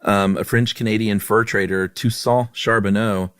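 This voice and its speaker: Low-voiced guy cohosting a podcast, laid-back, lots of uhs, dry studio mic. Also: moderate pace, clean tone, no echo. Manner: relaxed and self-deprecating, many fillers. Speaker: podcast co-host. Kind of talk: casual chat.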